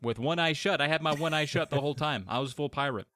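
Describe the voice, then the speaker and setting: A man co-hosting a podcast, chatting casually and tossing in quick comic asides. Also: a little high, bright, forceful tone, no echo. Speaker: podcast co-host. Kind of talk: casual chat.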